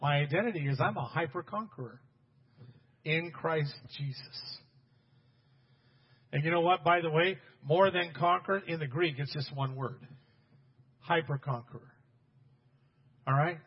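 A man preaching a sermon as pastor, talking straight to his congregation and building to loud, emphatic bursts. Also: a little high, a little slow, long pauses, husky, long reverb tail, highs cut off.

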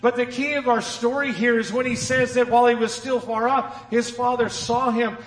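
A man preaching a sermon with folksy humor, swinging from loud emphasis to hushed, dropped phrases. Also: very high-pitched, steady tone, normal speed. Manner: dramatic swings from loud emphasis to near-whispered drops. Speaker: pastor. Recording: echoey church hall.

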